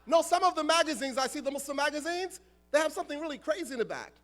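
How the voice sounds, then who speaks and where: An American man preaches as an imam, joking with the crowd and calling on them directly. His voice sits very high, with a bright, forceful edge. It swings widely in pitch as he works the room. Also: fast, soft background music. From United States. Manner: animated, humorous, addresses the crowd directly. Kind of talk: sermon.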